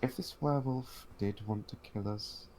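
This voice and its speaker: A man playing a calm, reasonable adventurer. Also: lowish voice, moderate pace, slight background noise, lightly acted. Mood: reasoning.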